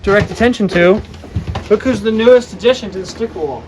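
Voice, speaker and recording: A man in his twenties, eager and excitable, showing guests around his sailboat in casual chat. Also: high-pitched, background noise. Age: 20s. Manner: eager, excitable, quick restarts. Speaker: guest giving a boat tour. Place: aboard a sailboat. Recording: busy background chatter.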